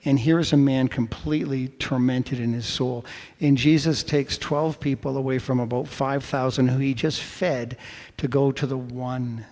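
A middle-aged male pastor delivering a sermon, emphatic and measured, with dramatic pauses between phrases. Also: medium pitch, steady tone, darkish tone. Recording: long hall reverb.

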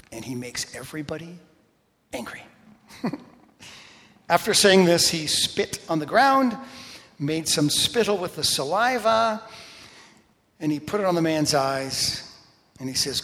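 A man preaching a sermon as pastor, energetic and emphatic, with quick asides. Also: medium pitch. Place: church sanctuary. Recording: long reverb of a large hall.

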